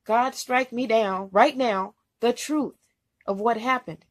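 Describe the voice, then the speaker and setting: A woman truck driver tells her viewers a story in a loose, rambling vlog style, full of "you know". Her voice sits a little high and sounds husky. She speaks with feeling and circles back on her points. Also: slow pace.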